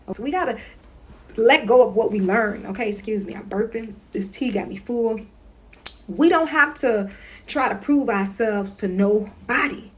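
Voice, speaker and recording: A woman talking straight to her viewers in a casual home vlog. She is emphatic and repeats herself, and she keeps checking in with "okay?". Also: fairly high pitch. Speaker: consumer-rights vlogger. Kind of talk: casual instructional monologue.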